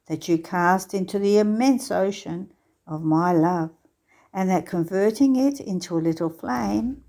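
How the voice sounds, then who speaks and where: A woman reading a devotional text aloud in a slow, measured, tender recitation. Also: mid-range voice, warm tone. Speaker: devotional reader. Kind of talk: scripture-style devotional reading.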